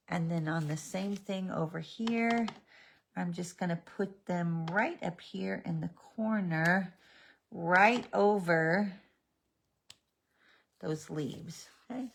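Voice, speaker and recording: Casting note: woman hosting a live craft demo, gravelly fry in her voice, faint hiss on the recording. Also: on the low side, a bit bright. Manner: slow, chatty, talks to her pet between steps. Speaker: stamping demonstrator.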